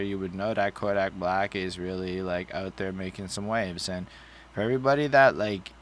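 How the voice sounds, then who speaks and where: A man with a fairly low voice, chatting casually on a podcast about an album. He talks bluntly and swears freely, and his thoughts ramble on. A faint hiss of noise sits under the recording. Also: fairly even intonation, moderate pace. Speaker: podcast co-host. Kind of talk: casual album review chat.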